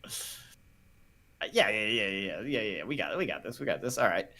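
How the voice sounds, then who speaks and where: A man's voice: fairly low pitch, big pitch swings, fairly quick, creaky, bright, forceful tone. A man playing a comedic tabletop game, giggly and playful with frequent laughter. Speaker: player, game designer. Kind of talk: casual comedic play.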